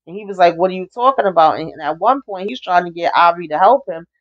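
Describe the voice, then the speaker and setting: A woman's voice: lowish voice, expressive, quick pace. A woman giving a casual, chatty TV episode recap, acting out the characters' lines as she retells each scene. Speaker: TV recap reviewer. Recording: dull lo-fi recording.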